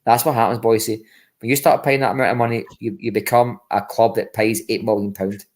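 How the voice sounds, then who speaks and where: A man's voice: fairly low pitch, fairly even intonation, a little fast. A Scottish man co-hosting a football podcast, talking bluntly, repeating himself and swearing. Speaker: podcast co-host. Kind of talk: casual football podcast chat.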